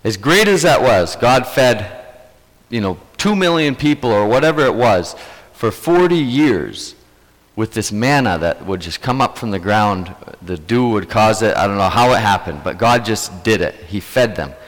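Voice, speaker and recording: A man's voice: lowish voice, animated, moderate pace, in a large hall, rough recording. A man preaching a sermon as a pastor, earnest and emphatic, repeating key phrases to drive them home.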